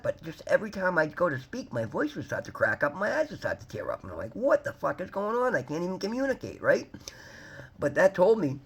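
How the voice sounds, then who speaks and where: A man in his fifties speaks to his viewers in a candid, rambling monologue, pressing his points with emphasis. His voice is husky and sits a little high. He talks at a very fast clip. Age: 50s. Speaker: vlogger. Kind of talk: candid personal talk to camera.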